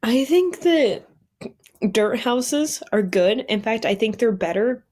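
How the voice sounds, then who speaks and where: Young woman, high voice, swoops up and down a lot, playful ranty podcast chat, laughs a ton. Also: animated, slow, darkish tone. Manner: laughs often, playful ranting. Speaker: podcast co-host. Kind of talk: casual chat.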